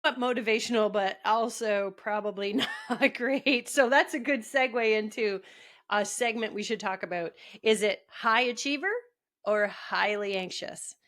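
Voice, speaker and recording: A woman's voice: medium pitch, measured pace, a bit bright. A woman co-hosting a podcast, chatting casually with wry jokes and frequent laughter. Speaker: podcast co-host. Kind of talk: casual chat.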